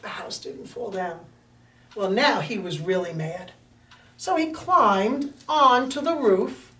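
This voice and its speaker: A woman telling a fairy tale to children in an animated, expressive way, recorded in a roomy space from a distant mic. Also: medium pitch, slow pace. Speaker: storyteller. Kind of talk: children's storytelling.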